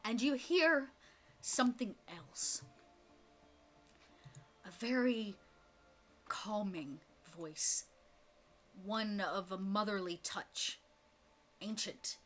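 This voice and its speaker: A woman narrating a tabletop role-playing game as game master, descriptive and quick to laugh. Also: mid-range voice. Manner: lively, descriptive, laughs often.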